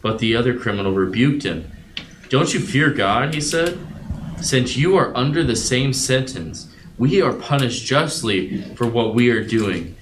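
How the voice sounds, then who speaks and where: A man's voice: medium pitch, animated. Man reading scripture in an echoey room. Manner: earnest and reflective, with some halting restarts. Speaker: Bible study participant. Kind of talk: reading scripture aloud, then casual reflection. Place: room at a group Bible study. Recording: echoey room with loud background noise.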